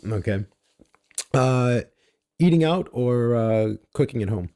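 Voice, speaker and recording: A man's voice: medium pitch, lively intonation, slow, dark tone, smooth. A man hosting a podcast, asking questions in a hesitant way full of fillers. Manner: hesitant, many fillers and restarts. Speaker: podcast host. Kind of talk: casual interview chat.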